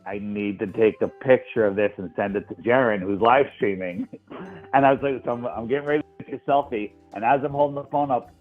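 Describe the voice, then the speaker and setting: Guy on a tinny call line telling a story, keeps repeating himself, animated. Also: medium pitch, a little fast, faint music behind. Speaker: guest. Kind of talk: casual chat.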